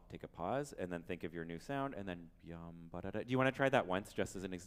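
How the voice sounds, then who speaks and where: A man teaching a piano masterclass, humming and singing phrases to show the student how a passage should go, with gentle encouragement. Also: sits low, animated, fast, hardly any pauses, clean tone. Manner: sings and hums phrases to demonstrate, gentle encouraging coaching. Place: piano showroom recital space. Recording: roomy hall with piano playing. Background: piano playing.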